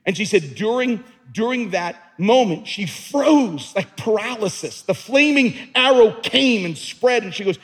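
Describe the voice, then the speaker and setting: Man preaching with big pitch swings. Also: animated, unhurried, hardly any pauses, husky. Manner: dramatic preaching, rising to near-shouts on key words. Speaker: pastor. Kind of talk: sermon. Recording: long hall reverb.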